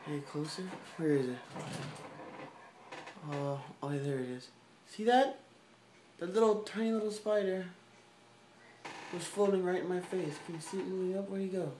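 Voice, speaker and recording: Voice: mid-range voice, normal speed, long pauses, mellow, slight background noise. A vlogger talking casually and offhandedly while filming their bedroom, rambling and goofy, on a handheld camera. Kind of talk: casual rambling home video.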